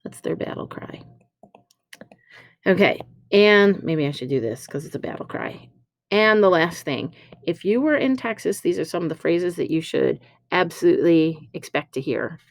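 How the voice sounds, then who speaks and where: A woman teacher walks through a recorded slide lesson. She is chatty and explains with fillers and quick self-corrections. Her voice sits low and sounds dry, close to a computer mic. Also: animated, creaky, no echo.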